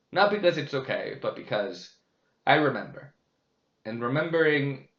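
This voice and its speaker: A man's voice: mid-range voice, bright, forceful tone. A man hosting a casual vlogcast, talking in a candid, profane, rambling way, full of fillers and restarts. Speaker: vlogcast host. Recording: roomy, slightly dull sound.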